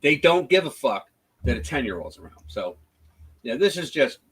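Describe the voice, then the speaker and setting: A man hosts a casual live stream, offering blunt, profane commentary. His pitch swings widely and animatedly, he talks at normal speed with a breathy edge, and he stumbles through restarts while energetically retelling events on a rough recording.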